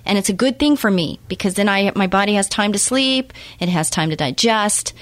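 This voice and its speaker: A woman's voice: mid-range voice, animated, a little fast, no room sound. A woman hosting a faith-based radio call-in show, talking in an earnest, encouraging way and repeating her key points. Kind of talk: faith-based motivational talk.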